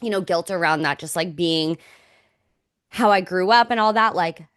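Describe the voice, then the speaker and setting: A woman's voice: lowish voice, moderate pace, a bit bright, clean tone, dry recording, clean studio sound. A young woman co-hosting a podcast in casual chat, frank, with mild swearing and constant "like". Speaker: podcast co-host.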